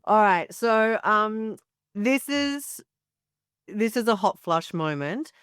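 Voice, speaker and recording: Aussie woman in her 40s, blunt lively storyteller, clean smooth voice, dead dry room. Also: medium pitch, takes it slowly, dry recording. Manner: animated, frank storyteller who swears freely. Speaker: author and TV commentator guest. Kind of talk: candid podcast interview.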